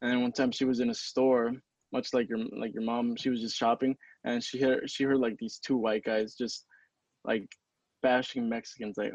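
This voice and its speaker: Podcast guest guy, mid voice, real flat, kinda hesitant, muffled lo-fi mic. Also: medium pitch, normal speed, dry recording. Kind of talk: casual podcast chat.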